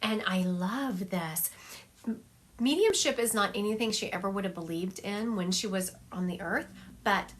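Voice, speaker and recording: Give me a chatty woman psychic medium doing a livestream reading on her phone. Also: medium pitch. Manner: chatty, laughs often, acts out spirits' lines.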